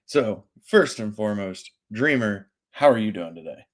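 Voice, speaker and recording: A male host with a fairly low voice runs a relaxed online chat. He keeps things upbeat, teasing his guests as he moves through the lineup. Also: moderate pace. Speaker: AMA host.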